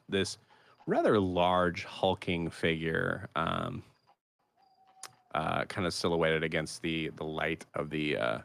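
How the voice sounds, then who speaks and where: A young man narrating as game master, describing scenes haltingly with many fillers. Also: low-pitched, vocal fry, a bit bright.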